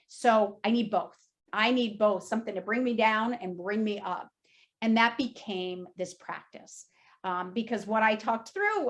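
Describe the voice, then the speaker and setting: A woman in her fifties telling a personal story at a talk, candid and emotional, with many casual fillers. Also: on the high side. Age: 50s. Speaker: speaker at an industry talk.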